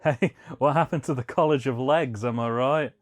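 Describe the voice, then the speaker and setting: A man's voice: mid-range voice, moderate pace. Young man with dry absurd quips. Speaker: co-host of film commentary. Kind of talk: casual comedic film commentary.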